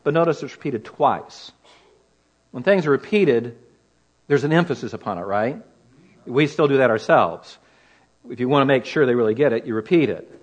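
A man's voice: mid-range voice, animated, normal speed, pauses often, breathy edge. Emphatic male Bible teacher. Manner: earnest and emphatic, with rhetorical questions. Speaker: preacher.

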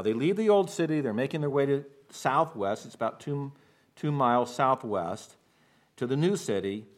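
Pastor giving a sermon, mid-pitched man, explains verse by verse and acts out quotes. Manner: expository preaching, acts out shouted quotes.

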